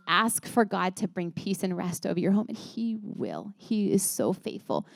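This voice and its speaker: Speaking to a church moms' group, a woman who seems to be in her thirties shares stories and advice in a warm, rambling, earnest style, chatting and laughing while stumbling over words and restarting sentences. Her middle-pitched voice is gravelly with big pitch swings, at normal speed with few pauses. The recording is close and dry, with almost no room sound.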